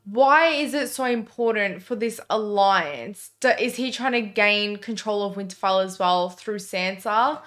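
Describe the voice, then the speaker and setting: A woman co-hosting a show reviewing a TV episode, talking in an expressive, emotional way. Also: medium pitch, unhurried, few pauses. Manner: emotional, expressive, laughs easily. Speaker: reaction channel co-host. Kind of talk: casual chat.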